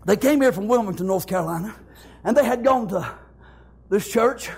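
A middle-aged male pastor preaches a sermon woven with stories, dropping in "amen" and "thank God" as he goes. His voice is high-pitched and gravelly with a breathy edge, lively in intonation and delivered at normal speed.

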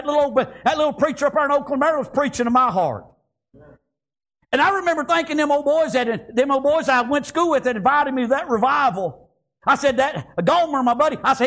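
A middle-aged man preaching a sermon in a folksy rural way, calling out to the congregation and dropping into quiet storytelling. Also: extremely high pitch. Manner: folksy, rural speech, frequent call-outs and "praise God"; swings between shouting and hushed storytelling. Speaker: pastor.

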